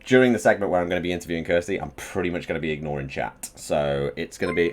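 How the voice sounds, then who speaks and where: A young man hosting a casual live stream, excitable and swearing as he hypes up his chat before an interview. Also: sits low, fast talker, few pauses.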